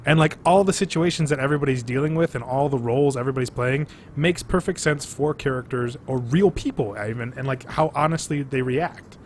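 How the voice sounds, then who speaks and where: A man talks animatedly on a casual podcast recorded over drinks. He swears freely, piles on fillers and keeps a middling pitch. Faint noise sits under his voice. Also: fairly quick, few pauses. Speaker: podcast co-host.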